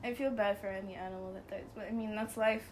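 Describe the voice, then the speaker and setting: A woman's voice: mid-range voice, fairly even intonation, quick pace, darkish tone, slight background noise. A young woman co-hosting a podcast, chatting casually in a giggly, rambling way and apologizing often. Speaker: podcast co-host. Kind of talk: casual chat.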